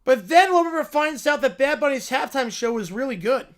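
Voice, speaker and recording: Lively man narrating a comic tale. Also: very high voice. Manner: quick narration, laughing at his own jokes. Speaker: livestream host. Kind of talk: improvised comedic storytelling.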